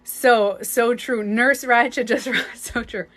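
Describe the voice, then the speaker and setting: A woman's voice: a little high, steady tone, slow, fairly bright tone. A woman with a light French accent, talking casually on a live stream as a spiritual coach, chatty and rambling, often laughing. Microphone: phone.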